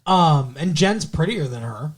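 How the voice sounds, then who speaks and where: A man's voice: a little high, lively intonation, unhurried, breathy edge. A man hosting a podcast, chatting casually and retelling a TV episode with lots of fillers. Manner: rambling, filler-heavy retelling. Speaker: podcast host. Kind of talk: casual chat recapping a TV episode.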